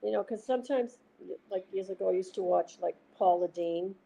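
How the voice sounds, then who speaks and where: Host, woman, Boston accent, gravelly mellow voice, chatty, rambling storyteller, faint hiss in the background. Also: mid-range voice, fairly quick, highs cut off. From Massachusetts. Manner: chatty, rambling, retells conversations. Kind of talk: casual chat with viewers.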